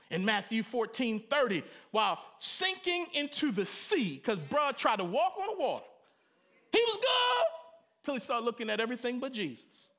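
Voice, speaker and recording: A middle-aged man preaching with big, lively swings in his voice, shifting from near-whispers to shouted cries. His tone sits high and bright, and he talks in a loose, colloquial way. He acts out the people he quotes. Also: normal speed. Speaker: pastor. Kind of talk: sermon.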